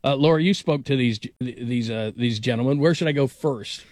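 A man's voice: mid-range voice, moderate pace, darkish tone, no room sound. A man hosting a sports talk radio show, chatting casually and rambling with lots of "like.". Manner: rambling, heavy use of "like".

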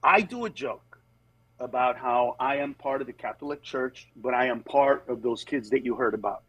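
A man who works as a comedian, telling candid stories in conversation and moving between animated voices and earnest, steady points. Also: medium pitch, moderate pace, slightly rough, no room sound, low-quality recording. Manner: animated, jumps into voices of other people mid-story. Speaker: comedian guest.

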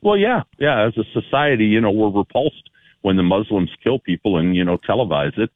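A man's voice: on the low side, lively intonation, a little fast, no echo. A male caller on a talk radio show, rambling sarcastically with many fillers, heard over a phone line.

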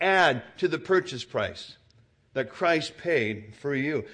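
A man preaching a sermon, telling an everyday story in a conversational way and rising to loud, emphatic exclamations. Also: on the high side, lively intonation, slow pace.

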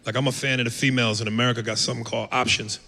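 Brash gravelly stand-up comic man. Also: mid-range voice, level tone, rapid-fire. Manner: brash, profane, loud acted-out voices. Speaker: stand-up comedian. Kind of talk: stand-up set. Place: comedy club stage. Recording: live club with long reverb, noisy.

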